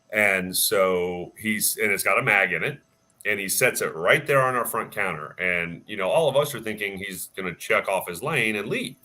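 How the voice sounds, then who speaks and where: A man who works as a firearms instructor, telling a story in a casual, animated way with plenty of fillers. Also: sits low. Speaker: firearms instructor and range staff. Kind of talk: casual storytelling on a live chat.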